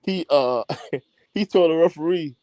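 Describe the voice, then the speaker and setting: Male coach co-host with a somewhat high voice and dry, close sound, telling stories in loose, slangy chat. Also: unhurried, no echo. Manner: animated, slangy anecdote telling with many fillers. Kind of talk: casual podcast storytelling.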